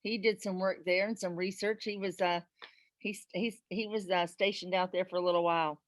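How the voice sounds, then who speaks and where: A woman's voice: on the low side, steady tone, normal speed, no echo. A woman from South Carolina with a Southern US accent, a presenter chatting casually and laughing easily on a video call. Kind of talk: casual chat.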